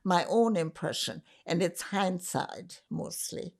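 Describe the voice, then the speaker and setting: An older woman from Germany, giving an oral history interview in a slow, reflective way with pauses and restarts. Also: on the low side, gravelly, darkish tone, breathy edge. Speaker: interviewee, survivor.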